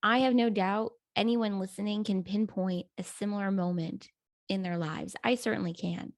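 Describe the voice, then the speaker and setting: A woman's voice: medium pitch, steady tone, moderate pace, no room sound, studio quality. A woman hosting a podcast, affirming her guest and reflecting thoughtfully on what was said. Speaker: podcast host. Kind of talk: podcast interview.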